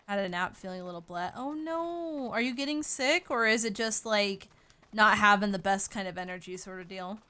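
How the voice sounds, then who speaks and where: A woman's voice: mid-range voice, moderate pace, pushed and bright, clear, resonant tone. Tired, chatty woman streaming a game. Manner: chatty, greets viewers by name, calls them sweetie. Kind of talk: casual livestream chat.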